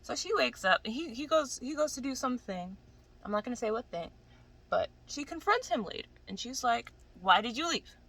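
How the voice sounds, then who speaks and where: Woman, bright voice, casual commentary, swearing, animated exasperated ranting. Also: fairly high pitch, fairly quick, poor audio. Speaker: anime commentator.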